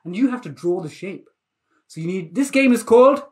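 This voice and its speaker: A man teaching a live online maths lesson for children, energetic and playful, often repeating himself. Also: high-pitched, brisk.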